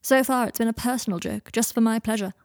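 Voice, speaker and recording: A woman's voice: a little high, fairly even intonation, fast, a little mellow, no echo, clean studio sound, natural voice. A woman reading an audiobook and voicing a bitter, sardonic young man who talks in a cold, mocking drawl. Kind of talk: audiobook reading of fan fiction.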